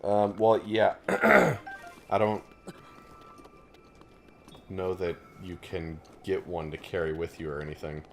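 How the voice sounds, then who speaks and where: A man's voice: low-pitched, flat delivery, slow, long pauses, darkish tone, slight background noise. A man chatting casually as co-host of a game playthrough, rambling and hesitant with many restarts, and coughing now and then from a lingering chest cold. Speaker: co-host commenting on gameplay. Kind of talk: casual let's-play chat.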